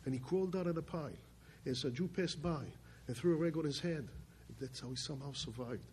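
An older man giving a spoken testimony from his family's past, emphatic and halting. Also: fairly high pitch, a little mellow, a little hiss or hum. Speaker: storyteller.

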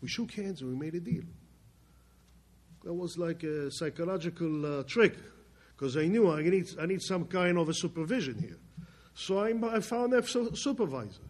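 A man telling a personal story in plainspoken speech, swinging between loud emphatic bursts and quiet low passages. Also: expressive, moderate pace. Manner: plainspoken, with restarts and loose grammar. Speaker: speaker telling his life story.

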